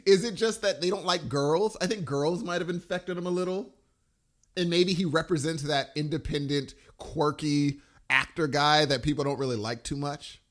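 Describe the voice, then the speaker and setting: A man co-hosting a podcast in casual chat, enthusiastic and animated, often trailing off mid-sentence. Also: fairly high pitch, moderate pace. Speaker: podcast co-host.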